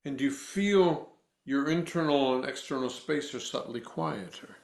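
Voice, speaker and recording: A voice coach guides a breathing exercise with slow, deliberate, instructive cues, then answers interview questions. He has a gravelly mid-range voice, and the sound is roomy.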